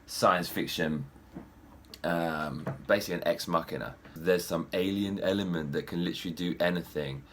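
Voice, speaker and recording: A young man giving a profane, animated ranting film review. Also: deep voice, a little hiss or hum. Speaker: movie reviewer.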